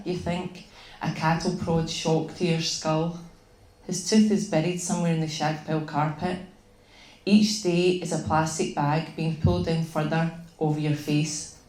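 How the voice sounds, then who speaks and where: A woman with a Glaswegian accent reading her own short story aloud at a live event, unhurried and vivid. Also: deep voice, level tone, dark tone. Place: bar venue, live event. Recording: echoey bar room.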